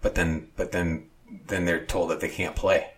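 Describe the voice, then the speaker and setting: A man's voice: low-pitched, level tone, moderate pace. A man co-hosting a talk show, reading out news stories and breaking into sarcastic asides. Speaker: co-host. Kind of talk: news commentary and banter.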